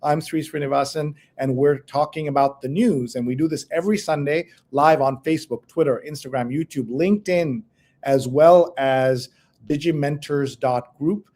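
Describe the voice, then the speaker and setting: Host: middle-aged man, casual chatty storyteller, slightly high voice. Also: normal speed, a little mellow. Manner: chatty, storytelling, laughs often. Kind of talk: casual news discussion.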